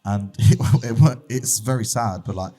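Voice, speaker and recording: A young man with a lowish voice, guesting on a casual podcast. He talks openly and with warmth, telling personal stories in a heartfelt, candid way. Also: moderate pace, faint music behind. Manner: open, candid, heartfelt storytelling. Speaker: barber shop founder, guest.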